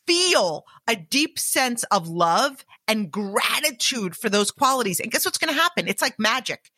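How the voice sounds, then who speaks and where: A middle-aged woman gives an animated motivational podcast talk and speaks right to her listeners. Her voice sits a little high and bright. It sounds dry and close, with no room around it. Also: no echo. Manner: upbeat, animated, addresses listeners as "you guys". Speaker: podcast host.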